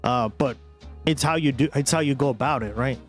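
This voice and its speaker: A man's voice: medium pitch, a little fast. A man with a Boston accent streaming live, reacting to a video and talking to his chat in a loose, swearing style. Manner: chatty, talks to his chat, swears casually. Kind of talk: casual live-stream commentary. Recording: faint music behind.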